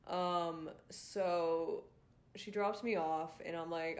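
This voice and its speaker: A woman's voice: lowish voice, steady tone, slow. A young woman telling a rambling story to her viewers, chatty and loose, full of likes, ums and swearing. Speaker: vlogger. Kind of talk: casual storytime vlog.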